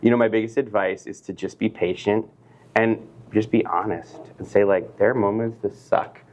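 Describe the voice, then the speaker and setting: A man's voice: fairly low pitch, fairly even intonation, moderate pace, darkish tone. A middle-aged man, a business professor, talking earnestly and expressively as a guest in a casual interview.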